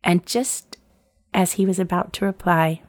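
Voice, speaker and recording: With a lowish voice and an unhurried pace, a woman in her forties tells a personal story in casual conversation. The audio is studio quality with no room sound, and she's a lively narrator who acts out quoted lines and laughs a lot.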